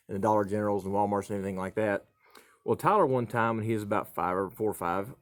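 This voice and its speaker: Folksy middle-aged man spinning family yarns. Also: fairly low pitch. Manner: folksy, chuckling, trailing off with uh and um. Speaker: vlogger telling family stories. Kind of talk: casual storytelling to camera. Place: horse barn.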